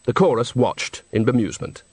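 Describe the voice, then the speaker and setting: Male audiobook narrator, wry and animated, dry close mic. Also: medium pitch, fairly quick, slightly rough, no echo. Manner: wry, lively storytelling.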